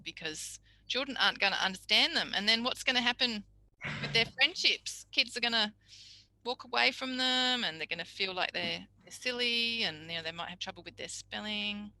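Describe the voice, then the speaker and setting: A woman's voice: mid-range voice, sharp tone, no echo, low-quality recording. A woman teaching a speech pathology tutorial, chatty and explanatory, acting out examples. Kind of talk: recorded tutorial lecture.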